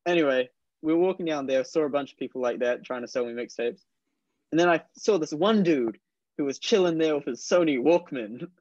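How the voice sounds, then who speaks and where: A man's voice: a little high, brisk, darkish tone, no room sound. A young man with a New Zealand accent, telling a story casually and laughing often as he talks. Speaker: guest snowboarder. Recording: dull dry lo-fi sound.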